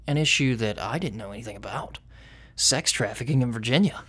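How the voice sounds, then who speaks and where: A man's voice: mid-range voice, brisk, a bit bright. A man with a Southern American accent hosting a podcast, talking loosely with lots of fillers. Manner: rambling with many fillers. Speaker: podcast host. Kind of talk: casual podcast chat.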